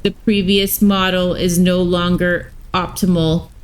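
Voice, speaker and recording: Woman reading clipped robot warden voice for a storybook, emotionless, slow, lowish. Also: a little hiss or hum, close to an everyday voice, rough recording. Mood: cold, clipped. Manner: flat, clipped machine-like delivery. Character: cold robotic cosmic wardens, emotionless and judging.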